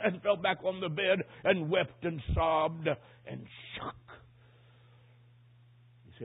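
A man preaching a sermon, telling a story dramatically and swinging from hushed tones to loud peaks. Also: fairly high pitch, measured pace, gravelly, slightly rough. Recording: tinny phone-like sound.

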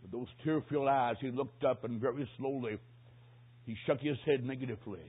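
A man preaching a sermon as he tells a story, swinging dramatically from hushed tones to shouts. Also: mid-range voice, a little fast, slightly rough. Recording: tinny phone-line sound.

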